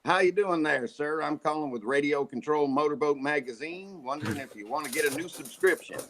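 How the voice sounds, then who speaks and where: Brief: man voicing a folksy Southern phone salesman, upbeat, lifted pitch. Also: brisk, fairly bright tone, a little hiss or hum. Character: friendly Southern male magazine telemarketer.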